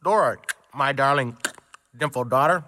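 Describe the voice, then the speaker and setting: A man's voice: medium pitch, moderate pace, sharp tone, lightly acted. A man voicing a dignified, doting father duke in a storybook reading, stately and fond.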